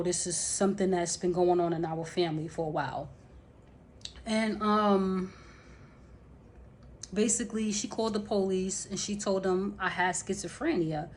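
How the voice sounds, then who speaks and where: A woman's voice: fairly low pitch, normal speed, pauses often, a little hiss or hum. A woman telling a personal story to her camera in a rambling, unscripted way, with many fillers and restarts. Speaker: vlogger.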